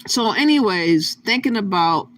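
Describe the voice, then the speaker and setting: A man's voice: high voice, animated, a little slow, a bit bright, a little hiss or hum. A man hosting his channel, giving casual reaction commentary in a plain-spoken, conversational way. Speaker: channel host.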